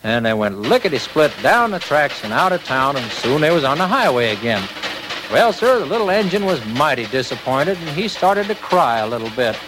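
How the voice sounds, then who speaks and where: Man, folksy radio storyteller, animated singsong drawl, crackly old transcription. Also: on the high side, moderate pace. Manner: folksy rural drawl with lively ups and downs.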